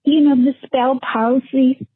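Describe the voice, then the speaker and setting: A woman's voice: sits high, level tone, takes it slowly, slightly rough, no room sound. A woman caller leaving a heartfelt, chatty voicemail. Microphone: phone. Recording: tinny phone line voicemail.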